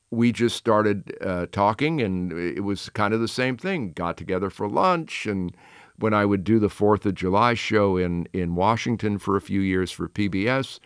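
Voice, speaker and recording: A man in his sixties, a television host, telling chatty anecdotes with quick asides in a casual interview. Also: sits low, smooth, dry recording, studio quality.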